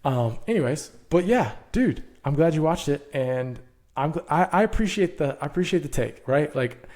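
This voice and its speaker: A man co-hosting a podcast in casual chat, excitable and quick to laugh. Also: fairly high pitch. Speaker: podcast co-host.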